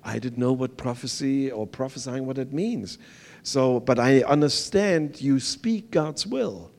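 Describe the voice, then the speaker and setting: An older man with a German accent giving an earnest sermon testimony as a visiting pastor, speaking halting English with many fillers. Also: medium pitch, creaky, a little mellow.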